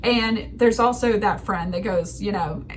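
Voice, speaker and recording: A woman's voice: medium pitch, measured pace, slight background noise. Chatty woman hosting a writing show. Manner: chatty, animated, laughs at herself. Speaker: writing video host. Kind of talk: casual writing commentary.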